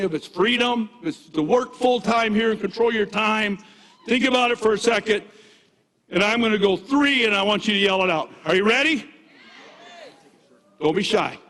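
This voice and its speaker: High-voiced older man rallying a hall. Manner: energetic, rallying, shouts to the crowd. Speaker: team leader and coach. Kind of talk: motivational stage speech. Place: large event hall. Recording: echoey hall reverb.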